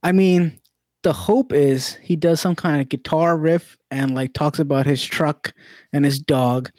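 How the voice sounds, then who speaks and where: A man co-hosting a casual sports podcast, talking in a relaxed, hedging way. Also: a little high, measured pace, no room sound. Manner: relaxed, hedging, laid-back. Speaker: podcast co-host. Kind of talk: casual banter about football bets.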